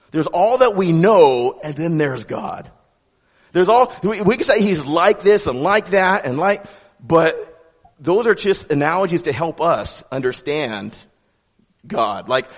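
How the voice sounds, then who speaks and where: Male pastor, slightly higher voice, conversational animated sermon in a reverberant sanctuary. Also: unhurried. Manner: conversational, animated preaching with many restarts.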